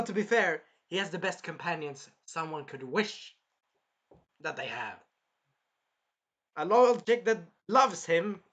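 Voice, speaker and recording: Man, slightly high voice, bright and tense tone, casual rambling review, swears a lot. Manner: rambling, swears freely, jumps into character quotes. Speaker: anime reviewer.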